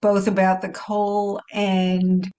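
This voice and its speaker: A woman in an online group speaking in a measured, encouraging way. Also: medium pitch, completely flat delivery, mellow.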